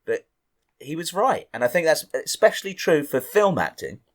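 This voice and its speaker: A man's voice: fairly high pitch, sing-song, moderate pace. A man co-hosting a comic podcast who fires off questions, swears freely, and rambles earnestly about acting. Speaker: podcast co-host.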